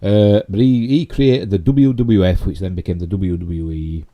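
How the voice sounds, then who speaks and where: A middle-aged man with a Yorkshire accent chatting through a casual live stream, rambling with many fillers and asides, his voice a little hoarse. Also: deep voice, fairly even intonation, normal speed, highs cut off. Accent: Yorkshire English. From Yorkshire, England. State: slightly hoarse. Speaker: channel host.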